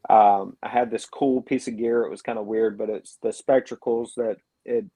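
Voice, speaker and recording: A man, a paranormal investigator on a radio show, telling his experiences in an earnest, reflective way with many pauses and fillers. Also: lowish voice, fairly even intonation, warm tone, slightly rough, no echo. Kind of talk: telling a story in a radio interview.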